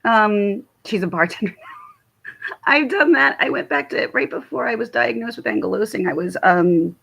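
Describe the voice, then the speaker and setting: A middle-aged woman with a Philadelphia accent talks to her viewers in a loose, rambling livestream chat. Her voice has a gravelly fry and a husky edge. She laughs a lot and often breaks off mid-sentence to start again. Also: medium pitch, animated, normal speed, fairly bright tone. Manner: chatty, laughs often, trails off and restarts. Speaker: livestream host. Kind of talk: casual livestream chat answering viewer comments. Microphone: phone or webcam livestream.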